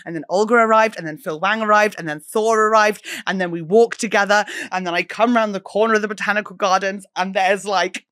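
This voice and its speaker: An English woman in her thirties hosting a solo podcast, telling stories in an animated, chatty way, swearing freely and mimicking people. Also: mid-range voice, fairly quick, hardly any pauses, no echo, clean studio sound. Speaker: podcast host.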